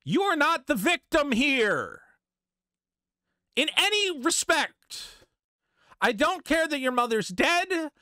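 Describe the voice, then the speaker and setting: Ranting, sharp-voiced man. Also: very high voice, very animated, slow pace, long pauses, no room sound, clean studio sound. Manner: heated, profane, mocking; emphatic, lectures the viewer. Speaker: commentary YouTuber. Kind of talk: ranting commentary.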